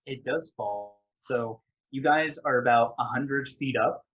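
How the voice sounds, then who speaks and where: A man runs a tabletop game in a husky, slightly breathy voice. He narrates at an easy pace and keeps restarting his sentences with small fillers. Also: mid-range voice, measured pace, muffled recording. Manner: relaxed, with frequent fillers and rephrasing. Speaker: game master.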